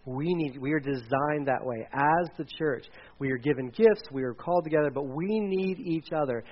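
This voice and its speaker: A man's voice: a little high, normal speed, dull audio. A man in his forties, a pastor preaching a casual sermon with dad jokes and frequent fillers. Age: 40s.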